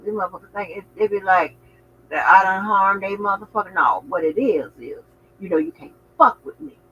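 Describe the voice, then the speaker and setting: A man hosting a casual livestream, talking in an animated, outspoken way with frequent swearing and exclamations. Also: sits high, brisk, dull audio, slight background noise. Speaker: channel host.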